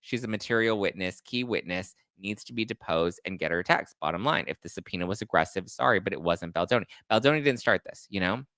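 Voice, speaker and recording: A man with a fairly low voice hosts a casual commentary show. He reads legal filings and chat comments aloud, then breaks into indignant, profane reactions. The sound is dry and close, with no room around it. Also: lively intonation, a little fast, hardly any pauses, fairly bright tone, no room sound. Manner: heated, indignant, swearing. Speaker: host.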